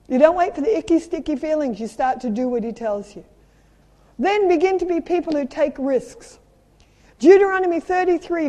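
A middle-aged South African woman preaching in a high, mellow voice. She tells lively personal stories and urges her listeners on emphatically. Her voice rings out with a long reverb through a large hall. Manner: animated storytelling with playful sound effects and emphatic exhortation. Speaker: traveling preacher.

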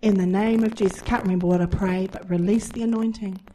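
A woman preaching, giving a testimony as an animated story and acting out the dialogue. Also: medium pitch, fast, a little hiss or hum, poor audio. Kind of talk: sermon testimony.

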